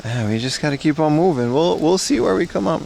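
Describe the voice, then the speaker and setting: A man's voice: a little high, animated, brisk, creaky, darkish tone, slight background noise, rough recording. A man from the Netherlands hosting a casual outdoor livestream, rambling and laughing as he walks through a rainy mountain town. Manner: chatty, rambling, laughs often. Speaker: livestream host. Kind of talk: casual IRL livestream chat.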